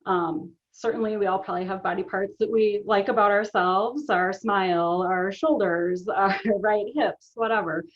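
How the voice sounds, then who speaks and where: A woman's voice: mid-range voice, fairly even intonation, normal speed, hardly any pauses, highs cut off. A middle-aged woman speaking as an interview guest, earnest and conversational, often checking in with "right?" and filler ums. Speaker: guest, author and business owner.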